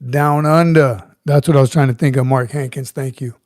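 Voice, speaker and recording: Middle-aged male host, easygoing and chatty, mellow voice with a dry, close sound. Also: mid-range voice, normal speed, no room sound. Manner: relaxed, chatty, chuckles often, greets viewers by name. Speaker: livestream host, retired Marine sergeant major. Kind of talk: casual livestream chat reading comments.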